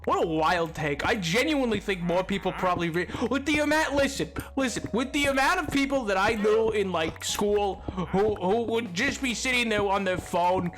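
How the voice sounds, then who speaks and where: A young man streaming, bantering with his chat in an excitable way, stammering over repeated words and breaking into laughter often. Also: high-pitched, normal speed, soft background music.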